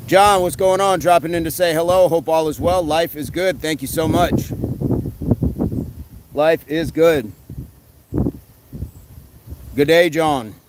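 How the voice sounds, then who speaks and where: A man hosting a casual live stream, reading comments aloud and giving quick fitness tips in a relaxed way. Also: fairly high pitch, background noise. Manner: relaxed, answers chat questions with quick tips.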